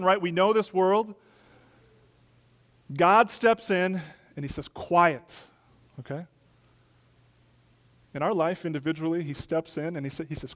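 Man, pastor, sermon, fairly high voice, emphatic, swings between loud and soft. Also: unhurried, pauses often. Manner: emphatic, rising to loud peaks then dropping soft.

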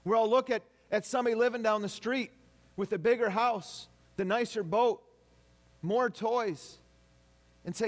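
A man's voice: high-pitched, moderate pace. A man preaching a sermon to his congregation, talking animatedly and acting out people's complaints in quoted voices. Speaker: pastor.

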